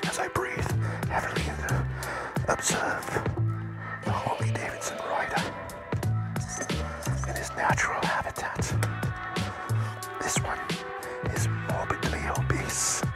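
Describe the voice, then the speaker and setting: A man doing a whispered role-play as a hushed nature-documentary narrator, breathy and slow. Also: fairly low pitch, huge pitch swings, over loud music, exaggerated voice. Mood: mock solemn.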